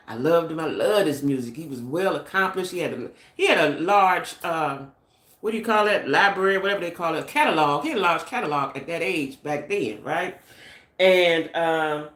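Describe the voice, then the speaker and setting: A middle-aged woman hosts a casual gossip stream, chatting and speculating straight to her viewers. Her voice sits a little low for a woman. The room adds a noticeable echo around her. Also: fairly bright tone. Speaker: channel host.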